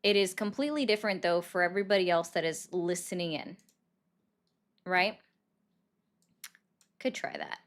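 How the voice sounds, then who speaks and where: A woman's voice: fairly low pitch, fairly even intonation, a little fast. A woman hosting a casual live political commentary stream, chatty and greeting viewers by name between her thoughts. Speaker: livestream host taking calls.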